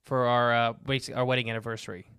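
A man hosting a podcast, chatting with easy enthusiasm. His voice is smooth and clear. It sounds close and dry, with no room echo. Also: medium pitch, level tone, quick pace, fairly bright tone. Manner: enthusiastic, upbeat. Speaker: podcast host. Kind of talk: casual interview chat.

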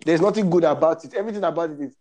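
A young Nigerian man telling a comic story in casual chat, animated and laughing as he goes. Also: fairly high pitch, rapid-fire. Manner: animated, laughs through his story, mixes pidgin. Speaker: comedian.

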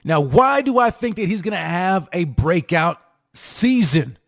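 Energetic male sports show host with a high-pitched voice, talks straight to the fans and repeats lines for punch. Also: measured pace, creaky. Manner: hyped, repetitive, sing-song emphasis, calls out to audience. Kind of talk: fired-up sports commentary to fans.

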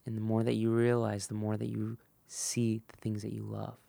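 A man hosting a motivational podcast, talking earnestly and directly to the listener, swinging between loud emphasis and hushed moments and acting out bits of dialogue. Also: on the low side, monotone, gravelly, no echo. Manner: acts out quick snippets of dialogue. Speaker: podcast host. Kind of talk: motivational monologue.

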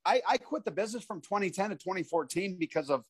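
A man in his forties with a notably high voice tells animated stories of his wrestling days and acts out the voices of the people in them. The sound is dry and close, with no room echo. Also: quick pace, breathy edge. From Iowa, USA. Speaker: podcast guest, former pro wrestler. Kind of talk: casual interview storytelling.

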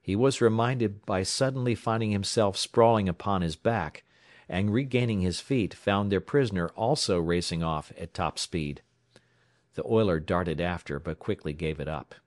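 A man reads an adventure story aloud in a steady, measured way. His voice sits very low and sounds dry and close, with no room around it. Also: dry recording. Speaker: audiobook narrator. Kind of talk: audiobook narration.

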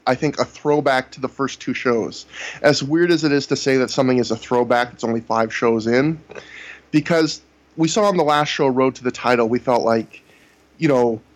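A man co-hosting a casual podcast, recapping events at length with frequent "you know". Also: mid-range voice. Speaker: podcast co-host reviewing wrestling shows. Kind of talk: casual chat.

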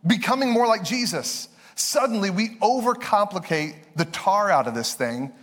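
Young male pastor, conversational sermon, slightly high voice, long reverb from the hall. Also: expressive, fairly bright tone. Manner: conversational, storytelling with quick asides.

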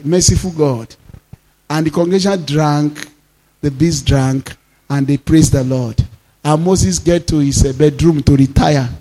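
A male pastor with a Nigerian accent preaching a sermon, reading scripture slowly and breaking into emphatic, rising declarations. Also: a little high, a little mellow. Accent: Nigerian, Yoruba-speaking. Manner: mixes in Yoruba phrases.

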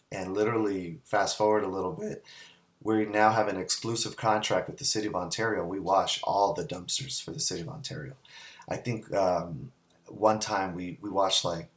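A man from California telling a lively story as a guest in a casual interview, laughing and acting out the people in it. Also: sits low. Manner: animated storyteller, acts out quoted voices, laughs often. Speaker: business owner, guest.

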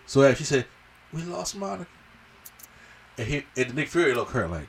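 This podcast host's voice is a little high, at a moderate pace with long pauses, recorded far from the mic with a bit of hiss or hum. He casually reviews a movie, acting out the characters' lines in a lively recap.

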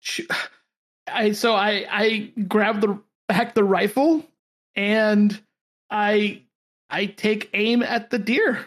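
A woman's voice: medium pitch, steady tone, slow pace. A woman playing a tabletop game who describes her character's actions hesitantly, often stumbling over her words. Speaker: player. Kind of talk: casual tabletop play.

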